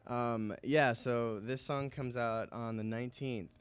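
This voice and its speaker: A laid-back man talking softly and casually as a musician guest in a studio, with slangy asides. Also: medium pitch, fairly even intonation, a little slow, smooth, no echo. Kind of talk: casual interview chat. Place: recording studio.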